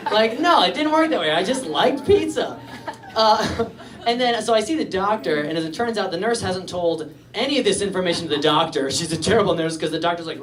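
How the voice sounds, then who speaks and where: A man's voice: high-pitched, expressive, a little fast, fairly bright tone. A young man from England doing a rambling, self-deprecating stand-up comedy set on a club stage. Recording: distant live stand-up recording with audience laughter.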